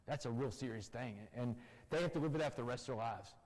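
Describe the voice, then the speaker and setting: A man's voice: medium pitch, fast, a little mellow. A man giving an emphatic personal testimony to an audience in a church, speaking to them directly. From Texas. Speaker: guest speaker. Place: church hall. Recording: long church-hall reverb.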